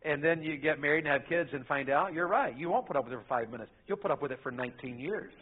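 A middle-aged man, preaching a sermon in a folksy storytelling way that swings between loud and soft. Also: fairly high pitch, fast, a little hiss or hum. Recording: phone-like narrow sound.

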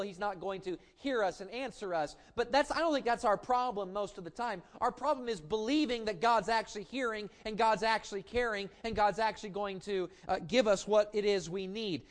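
A middle-aged pastor delivers an impassioned sermon in a notably high male voice. He stretches key lines out slowly, then falls back to soft asides. Now and then he stumbles into a stammered restart as he builds. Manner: impassioned preaching with slow drawn-out emphasis and sudden drops to quiet asides.

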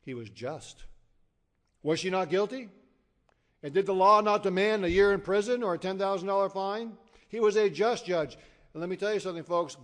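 A man preaches an evangelistic sermon, driving points home with loud emphasis and then dropping to hushed, low endings. His voice sits a little high and he tells stories with vivid voices. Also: moderate pace.

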